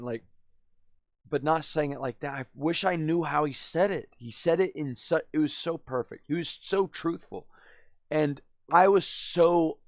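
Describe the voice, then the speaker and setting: A man's voice: on the high side, dry recording. A man live streaming, telling a story in a rambling, slangy way, constantly saying "dude" and "man". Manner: laughs often, drifts loud then quiet.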